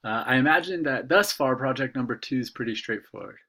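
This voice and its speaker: A man's voice: medium pitch, brisk, bright, forceful tone. A man, an instructor, explaining course material in a casual recorded video lecture, with frequent "uh" fillers. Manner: conversational, filler-laden explaining.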